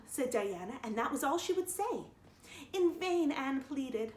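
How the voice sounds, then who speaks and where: A woman reading a classic novel aloud for a library storytime, with expressive delivery. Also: high voice, measured pace. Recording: roomy echo.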